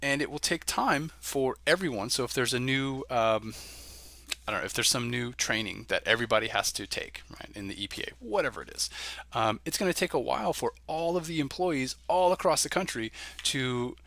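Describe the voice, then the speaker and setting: A man, a college instructor, giving a conversational recorded lecture, often pausing with "um" and checking in with "right?". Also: medium pitch, gravelly, bright, forceful tone, no room sound.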